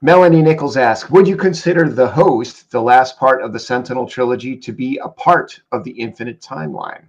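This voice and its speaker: A man co-hosting a casual livestream chat, reading out viewer comments with quick asides. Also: mid-range voice, dull audio. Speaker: co-host reading viewer questions.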